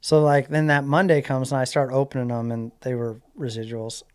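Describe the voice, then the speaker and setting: A man's voice: mid-range voice, level tone, brisk, clean tone. A man casually telling a personal story as a guest, rambling with lots of "like" and "you know". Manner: rambling, filler-heavy retelling with lots of "like".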